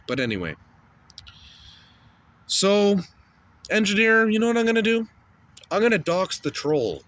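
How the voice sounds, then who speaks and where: A man's voice: on the high side, very animated, measured pace, a bit bright. A man hosting a shock-humour comedy show, ranting crudely and insulting people.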